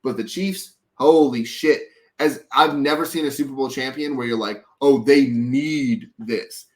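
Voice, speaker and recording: A man from Texas hosting a sports podcast in a loose, rambling way. He swears freely and goes off on tangents. His voice sits at an ordinary pitch for a man. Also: measured pace. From Dallas, Texas. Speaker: podcast host. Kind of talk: casual sports chat.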